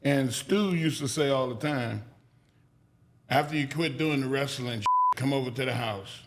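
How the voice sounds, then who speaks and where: Guy spinning loud stories on a podcast, swears a lot, does the voices of people he quotes. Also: medium pitch, a little slow. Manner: animated, acts out quoted people with raised voice; casual, profane. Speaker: guest. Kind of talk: storytelling in a podcast interview.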